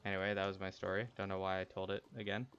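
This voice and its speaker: A man's voice: low-pitched, monotone, very fast, fairly bright tone. A young man streaming, telling a personal story casually, rambling and candid with many restarts. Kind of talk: casual storytelling while gaming. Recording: dull lo-fi stream audio, faint noise.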